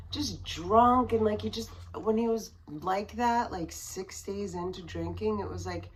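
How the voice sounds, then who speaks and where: A woman's voice: on the low side, a little hiss or hum, poor audio. A woman casually telling a personal story to camera in a rambling way, full of fillers, her voice dropping to near whispers at tense moments. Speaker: vlogger.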